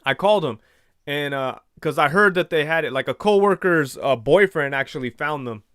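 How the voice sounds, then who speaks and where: A man's voice: a little high, expressive, moderate pace, a bit bright, smooth, dry recording, clean studio sound. A man hosting a casual livestream, reading viewer comments and telling rambling stories with quoted back-and-forth. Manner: rambling storyteller, retells conversations in quoted voices. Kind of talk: casual chat.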